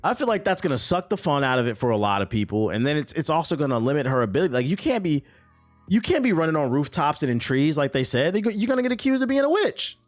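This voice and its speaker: Male gaming commentator, lively swinging pitch, blunt and profane, soft music behind him. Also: fast talker. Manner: blunt, animated, swears freely, mocks what he reads. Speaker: gaming commentator reacting to an article. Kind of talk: casual profane reaction commentary.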